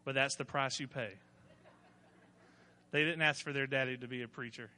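A man's voice: mid-range voice, steady tone, normal speed, pushed and bright, long reverb tail. A man, preaching a sermon as pastor, telling folksy stories and building to emphatic points. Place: church.

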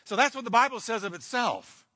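A male pastor preaching a sermon emphatically, with sweeping shifts in pace and dramatic pauses, in a church. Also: extremely high pitch, expressive, pushed and bright. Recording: long hall reverb.

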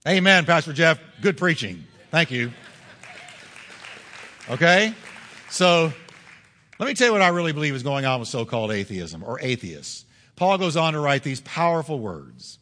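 A man's voice: fairly high pitch, big pitch swings, moderate pace, sharp tone, big-room sound, some chatter behind. A male pastor preaching a sermon in a church, emphatic and full of rhetorical questions. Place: church sanctuary.

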